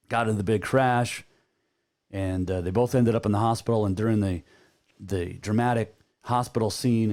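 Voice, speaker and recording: A man's voice: lowish voice, warm tone. A man hosting a sports talk radio show, chatting casually and rambling a bit with plenty of filler words.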